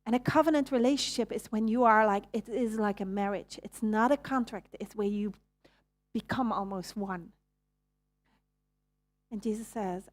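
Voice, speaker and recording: A woman with a Belgian Dutch accent preaches a sermon conversationally, asking the audience questions and correcting herself as she goes. Her voice is medium-pitched at a normal speed, with long pauses and frequent restarts.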